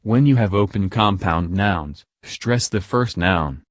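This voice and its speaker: A man explaining English sentence stress in a recorded lesson, slowing to stress his example words. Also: sits low, expressive, no room sound, clean studio sound. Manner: slow, deliberate word-by-word emphasis on examples. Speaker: English teacher.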